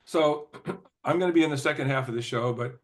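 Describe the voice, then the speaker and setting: An older man, a former record executive, telling stories as an interview guest in a loose, rambling way, with lots of "you know" and throat clearing. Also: medium pitch, fairly quick. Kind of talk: casual anecdotal storytelling.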